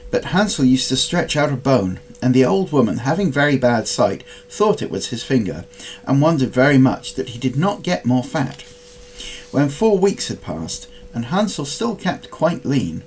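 A man reading a storybook aloud in an expressive, dramatic way. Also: medium pitch, moderate pace, a little hiss or hum, low-quality recording. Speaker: storybook reader.

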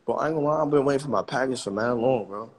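A man's voice: medium pitch, racing, slightly rough. A man in his twenties, chatting casually on a livestream and joking trash talk at his viewers. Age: 20s.

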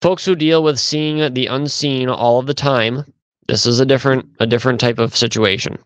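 Speaking in a steady, clear, resonant mid-range voice, this man hosts a podcast and wanders conversationally through his stories with fillers and restarts at a moderate pace. There's no room sound, though the recording is rough.

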